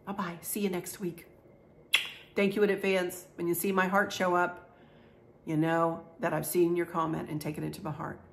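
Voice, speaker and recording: A woman's voice: on the low side, flat delivery, normal speed, vocal fry. A middle-aged woman, chatting through a home decor vlog in a gushing, folksy way, teary and emotional. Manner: gushing, folksy, repeats herself. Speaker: craft and home decor vlogger.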